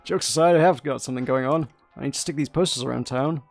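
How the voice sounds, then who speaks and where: A man's voice: medium pitch, fast talker, gravelly, darkish tone, soft background music, lightly acted. A man reading the lines of a kindly, teasing grandmother character from a narrative game, in a casual read-aloud manner.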